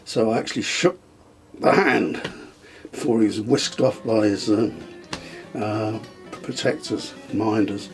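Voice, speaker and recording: A man's voice: on the low side, measured pace, music in the background. An older man reminiscing in a casual interview, hesitant with frequent ums and restarts, chuckling now and then. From England. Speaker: interviewee, the host's father.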